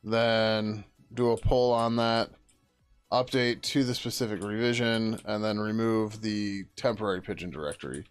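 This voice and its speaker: A man with a fairly low voice talks half to himself while coding live, muttering and letting phrases trail off, with the odd casual curse. Faint music plays behind him, and keys clatter now and then. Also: normal speed, clean tone. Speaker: software developer streaming his work. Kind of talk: live coding, thinking aloud.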